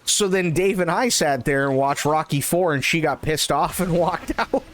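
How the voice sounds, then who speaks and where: A man streaming a game live who tells a long, rambling story in casual, profane, animated chat and laughs at his own tales. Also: fairly high pitch, moderate pace.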